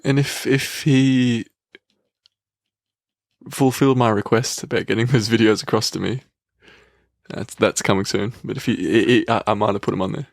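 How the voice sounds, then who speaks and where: A man's voice: on the low side, steady tone, normal speed, creaky, dry recording. Dry-joking man. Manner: dry joking, laughs at own bits. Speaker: podcast co-host. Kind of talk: casual banter.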